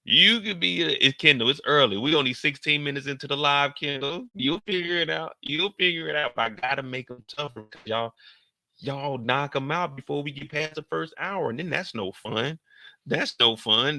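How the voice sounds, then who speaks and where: Male live-stream host, casual reaction commentary; very bright, tense tone, close and dry; animated, slangy delivery. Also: normal speed, dry recording. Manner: animated slangy storytelling with sudden loud, high outbursts.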